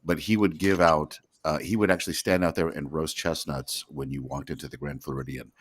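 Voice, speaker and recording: Male guest, very low voice, dry and opinionated, casual commentary. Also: fairly even intonation, fairly quick. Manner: wry, opinionated, teasing. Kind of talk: casual watch-party commentary.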